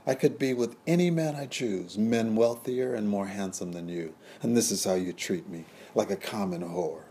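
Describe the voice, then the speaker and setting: A haughty young mistress speaking with cold sarcasm and open scorn, as a man with a low, dark voice puts her on. Her words come out clipped and mocking, pitched no higher than a deep male narrator's own range. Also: normal speed, slight background noise, natural voice. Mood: scornful.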